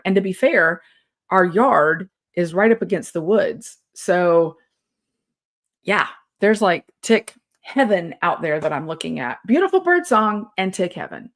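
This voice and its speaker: A woman's voice: lowish voice, animated, measured pace. A middle-aged woman, chatting casually as host and telling a long story with many fillers and restarts. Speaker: yarn studio owner and vlog host.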